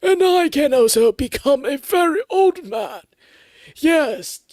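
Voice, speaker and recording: A streamer from Malaysia putting on the voice of an old-fashioned 1950s radio announcer, an old man, with loud, drawn-out, theatrical delivery. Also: high voice, animated, no echo, pitched above the performer's own voice. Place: home streaming setup.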